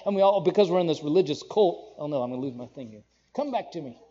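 A man preaching a conversational sermon, animated, with asides to the congregation and playful acted-out quotes. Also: a little high, fast talker, husky, muffled recording. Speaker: pastor.

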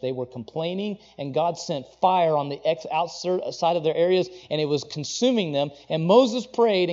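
Male preacher, slightly high mellow voice, conversational sermon with emphatic scripture quotes, dull lo-fi recording.

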